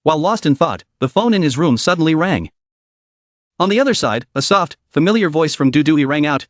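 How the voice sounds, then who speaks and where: A man narrating a comic story recap in an even, steady reading voice. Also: fairly high pitch, brisk, no room sound, clean studio sound.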